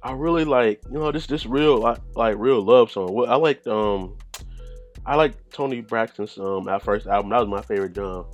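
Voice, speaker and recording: A man's voice: on the low side, moderate pace, dull audio, soft background music. A man hosting a solo podcast, rambling in loose, profane casual chat and laughing often. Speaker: podcast host.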